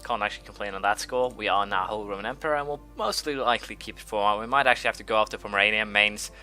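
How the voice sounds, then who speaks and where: A man's voice: lowish voice, racing, sharp tone, faint music behind. A man hosting a strategy-game let's play, thinking aloud with many fillers and restarts while he has the hiccups. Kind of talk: gameplay commentary.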